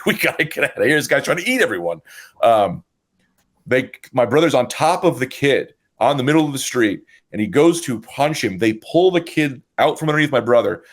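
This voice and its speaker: A man co-hosting a podcast, telling a profane, animated story in casual chat. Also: medium pitch. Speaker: podcast co-host.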